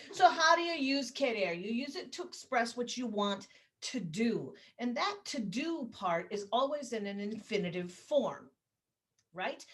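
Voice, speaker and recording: A Spanish teacher with a fairly high-pitched voice gives a grammar lesson. She explains patiently and says example phrases slowly so students can repeat them.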